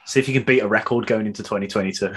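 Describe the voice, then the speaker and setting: A man's voice: fairly low pitch, very fast, a bit bright, slightly rough. A man from the UK co-hosting a podcast, with teasing, easygoing banter. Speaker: podcast co-host. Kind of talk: casual chat.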